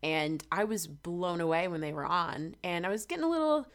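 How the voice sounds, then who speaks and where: Animated young woman telling stories. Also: lowish voice, fairly quick. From Georgia, USA. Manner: animated storytelling with quoted asides. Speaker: guest singer. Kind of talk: casual interview chat.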